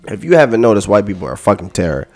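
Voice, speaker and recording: A man's voice: lowish voice, very animated, rapid-fire, a little mellow, faint music behind. A man hosting a podcast, ranting heatedly and profanely, repeating himself. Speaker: podcast host.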